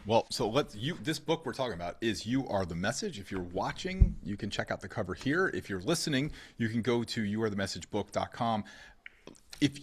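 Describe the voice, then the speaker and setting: A man's voice: fairly low pitch, big pitch swings, fairly quick, noisy background. A man hosting a podcast in casual chat, rambling with many restarts and sports comparisons. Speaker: podcast host.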